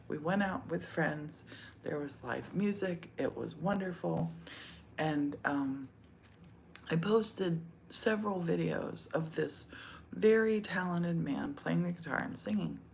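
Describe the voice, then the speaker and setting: A woman's voice: lowish voice, creaky, darkish tone, a little hiss or hum. A middle-aged woman from the United States chatting casually, laughing often and slipping into whispers. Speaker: vlogger. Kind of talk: casual chat.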